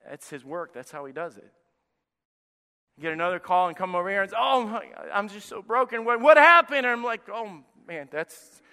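A pastor preaching a sermon with passion, moving between loud emphatic lines and hushed asides. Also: male voice, on the high side, smooth, big-room sound.

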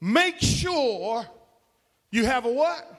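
A man's voice: extremely high pitch, sing-song, very slow, a bit bright. A man preaching a sermon in an emphatic, call-and-response way, with folksy slang.

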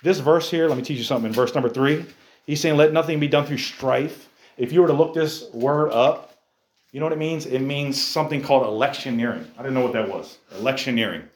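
Animated preaching man, echoey room. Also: medium pitch, a little fast, slight background noise. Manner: animated preaching, rhetorical questions to a youth group. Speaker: youth pastor. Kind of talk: sermon.

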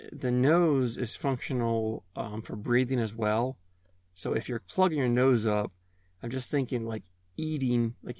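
A man's voice: medium pitch, a little mellow, no room sound, clean studio sound. A man hosting a casual chat, rambling through his answers with fillers and restarts. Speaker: podcast host asking questions.

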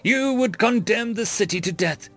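A man's voice: sits high, lively intonation, normal speed, fairly bright tone, soft background music, voice pushed up. A man voicing a fierce, imperious female spirit of vengeance who speaks in a commanding, scornful way.

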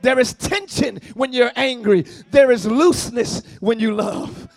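A man preaching a sermon as pastor, often shouting. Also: extremely high pitch, normal speed, vocal fry, no echo. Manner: shouting, sing-song preaching with call-and-response. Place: church service, before a congregation.

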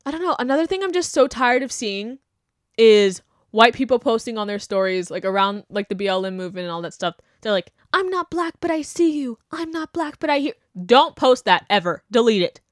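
A woman's voice: fairly high pitch, dry recording, clean studio sound. A young woman hosting a podcast, talking bluntly and animatedly in casual opinion chat, mocking the people she quotes. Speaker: podcast host.

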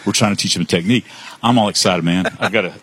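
Older man, low and husky, easygoing yarn-spinner for a live show. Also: racing, fairly bright tone. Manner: chatty storyteller, repeats words when starting. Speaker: part-time sports photographer, guest. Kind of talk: casual interview chat.

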